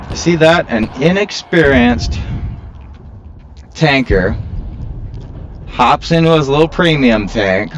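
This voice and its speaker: A man's voice: medium pitch, slight background noise. A man giving casual, rambling commentary while he plays, joking at his own expense and prone to complaining. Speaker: gaming video creator.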